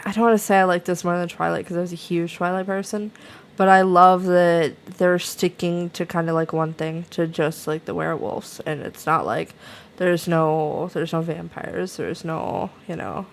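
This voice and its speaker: A young adult woman with a slightly low voice co-hosts a relaxed book review. She rambles through her thoughts, stacking fillers and restarting sentences. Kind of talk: casual book chat.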